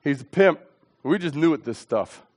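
A middle-aged man from southeastern Pennsylvania, an evangelist telling a testimony in a sermon, animated and dramatic, swinging from hushed asides to shouting. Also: on the high side, normal speed. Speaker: evangelist preacher.

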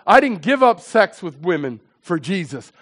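A man's voice: sits high, very animated, normal speed. A middle-aged man preaching his personal testimony, emphatic and repetitive as he tells his story.

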